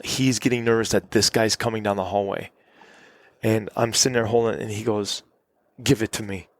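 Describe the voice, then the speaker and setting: Man, podcast guest, lowish voice, dry close sound, halting storytelling, lots of restarts. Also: fairly even intonation, no echo. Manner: halting, restarts often, fills with "like". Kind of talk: casual storytelling interview. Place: cabin.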